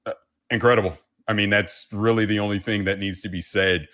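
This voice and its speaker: A man's voice: lowish voice, steady tone, a little fast, a bit bright. A man appearing as a guest on a casual podcast, talking with effusive enthusiasm.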